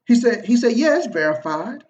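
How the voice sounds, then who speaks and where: Animated storytelling man, muffled audio. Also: very high voice, moderate pace. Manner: animated, slangy, repeats himself and acts out quoted dialogue. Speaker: online marketing video host. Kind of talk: casual motivational storytelling to viewers.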